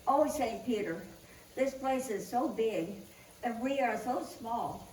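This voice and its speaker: A woman's voice: a little high, takes it slowly, darkish tone, reverberant, recorded from a distance, a little hiss or hum, poor audio. A woman voicing small mice in heaven in a joke, speaking in a pleading way.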